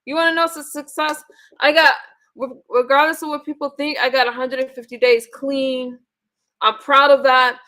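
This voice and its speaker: A woman's voice: sits high, fairly even intonation, normal speed, sharp tone. A woman hosting a live online panel, bluntly and profanely scolding her viewers. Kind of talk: live-stream chat, ranting to viewers.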